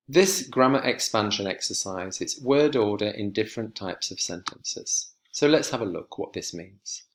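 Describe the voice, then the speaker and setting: A man teaching an online English lesson, walking students through exercises with slow, clear instructions. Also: fairly low pitch. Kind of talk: recorded online lesson walkthrough.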